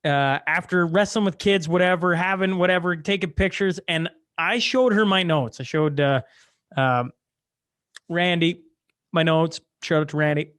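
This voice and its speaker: A man's voice: on the high side, moderate pace, fairly bright tone, no echo, clean studio sound. A man hosting a podcast, chatting casually and reading articles aloud to his guest. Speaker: podcast host. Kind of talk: casual chat.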